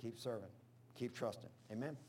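A pastor telling a story in a sermon, animated and repetitive, breaking into loud outbursts. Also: male voice, medium pitch, moderate pace, husky. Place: church.

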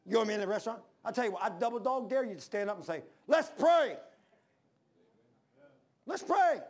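A man's voice: sits high, rapid-fire. An older man, preaching a sermon and telling stories, acting out the voices in them. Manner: animated, acts out the voices in his stories. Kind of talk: storytelling sermon.

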